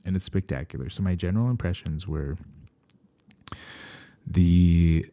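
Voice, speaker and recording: A man from Canada, a veterinarian hosting a solo podcast, talking casually with animated, sarcastic asides. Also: low-pitched, measured pace, no room sound.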